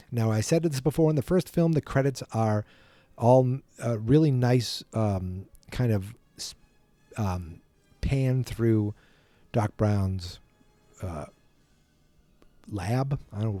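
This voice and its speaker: A man's voice: mid-range voice, warm tone, dry recording. A man hosting a podcast, casually retelling a film from memory in a rambling, self-deprecating way. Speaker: podcast host.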